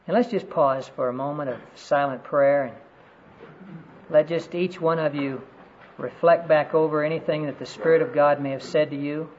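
A man's voice: a little high, fairly even intonation, normal speed, a little mellow, a little hiss or hum. A man preaching a sermon to a conference audience, telling stories earnestly and quoting scripture. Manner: earnest storytelling, quotes scripture. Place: conference room. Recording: dull lo-fi sermon recording.

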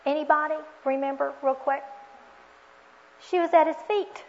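A woman with a high voice preaches a sermon, earnest and reflective, often posing questions to her listeners. The recording is dull and lo-fi. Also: steady tone, normal speed, pauses often, slight background noise.

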